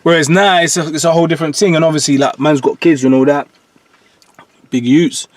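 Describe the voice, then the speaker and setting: A man's voice: fairly high pitch, brisk, dry recording. A man in his forties, a jungle MC guest on a podcast, telling stories animatedly and often checking that the listener follows him. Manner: animated storyteller, keeps checking "do you understand". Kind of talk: podcast interview.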